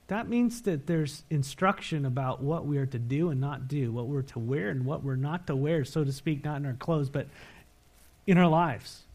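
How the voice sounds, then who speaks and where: A pastor preaching a sermon, reading scripture verses aloud and pressing the congregation with direct questions. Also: male voice. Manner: swings between emphatic, louder lines and low, quiet asides.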